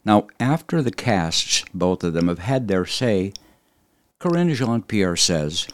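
Male podcast commentator, deep and animated, emphatic opinion monologue. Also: slow, no echo. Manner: emphatic, with sudden high-pitched jumps. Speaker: podcast host.

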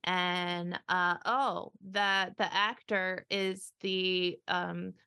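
A woman's voice: on the low side, little pitch movement, very slow, pushed and bright, clean tone, no room sound. A woman co-hosting a podcast in casual chat, thoughtfully building her points step by step. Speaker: podcast co-host.

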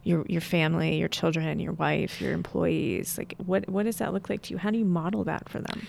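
Woman host, low gravelly voice, asks searching questions, bit of hiss behind. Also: steady tone, a little fast, a little mellow. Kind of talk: interview conversation.

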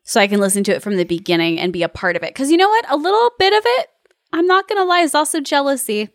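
Podcast co-host, woman, gushing and giggly, a little high-pitched, recorded dry and close. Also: fast, no echo. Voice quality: laughs often, gushing and animated. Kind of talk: casual chat.

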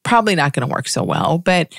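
A woman giving a reflective spiritual monologue, musing aloud with frequent restarts and soft laughs. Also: deep voice, huge pitch swings, fast, vocal fry, no room sound, studio quality.

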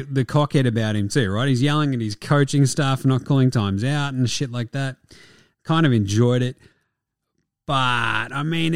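A man's voice: mid-range voice, no room sound, studio quality. A young Australian man hosting a sports podcast, talking in a blunt, sweary, jokey way. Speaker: podcast host. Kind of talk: casual sports podcast chat.

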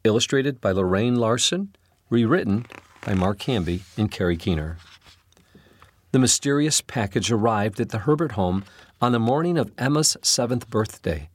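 A man narrating a storybook, reading expressively with an animated delivery. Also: lowish voice, moderate pace, slightly rough. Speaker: storybook reader.

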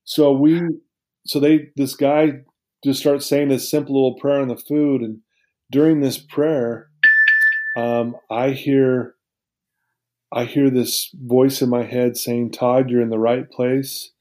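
A man's voice: medium pitch, level tone, takes it slowly, mellow. A middle-aged man telling his life story to an interviewer, earnest and emotional, with many restarts. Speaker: guest.

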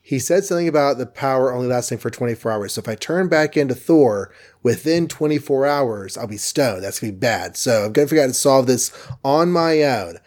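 A man's voice: medium pitch, expressive, a little fast, hardly any pauses, a little mellow, natural voice. A man voicing a mild male doctor who mutters his plans to himself. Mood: worried.

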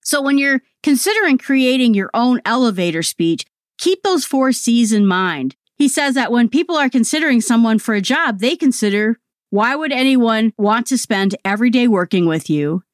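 Lively, expressive woman podcaster. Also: on the high side, moderate pace, no room sound, studio quality. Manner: conversational, expressive, with lively emphasis. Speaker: podcast host. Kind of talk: solo podcast talk.

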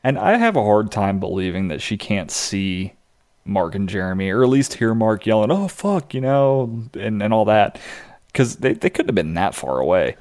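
A man co-hosting a podcast, casually recapping a TV episode in a relaxed, explanatory way. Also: lowish voice, normal speed. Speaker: podcast co-host.

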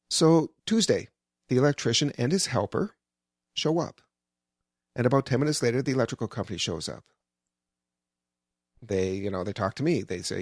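A man's voice: lowish voice, no room sound. A man telling a personal anecdote in a wry, conversational way with dry humor.

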